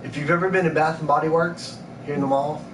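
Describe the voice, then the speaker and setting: A man's voice: a little high, fairly even intonation, fast. A man, co-hosting a casual live stream in a playful, goofy way. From Mobile, Alabama. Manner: playful, goofy, bouncing between voices. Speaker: co-host. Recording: roomy, distant mic, noisy ambience.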